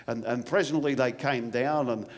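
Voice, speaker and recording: A man's voice: medium pitch, steady tone, moderate pace, close to an everyday voice. A man with an Australian accent playing an old bushman telling a rambling, stammering storytelling monologue about his soldiering days. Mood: reminiscing. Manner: rambling, stammering yarn with repeated "and, and". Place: live performance venue. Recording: long reverb in a venue hall.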